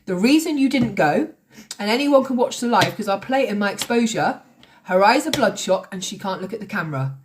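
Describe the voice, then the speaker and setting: A woman's voice: medium pitch, expressive, fairly quick, background noise. A woman in her late thirties, ranting on a livestream in a confrontational, sweary, sarcastic way. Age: late 30s. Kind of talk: heated livestream rant. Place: at home, recording on TikTok Live.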